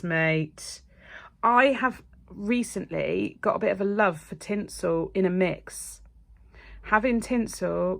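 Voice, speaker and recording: A middle-aged woman, chatting casually as a nail technician. She gushes and gets excited, and sometimes drops to a breathy whisper. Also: mid-range voice. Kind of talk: casual unboxing chat.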